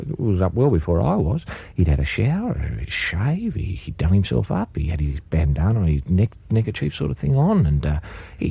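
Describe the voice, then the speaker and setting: A middle-aged man, a comedy radio host, telling a rambling deadpan anecdote full of halting restarts. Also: on the low side, vocal fry, breathy edge, no room sound. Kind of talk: deadpan comic storytelling.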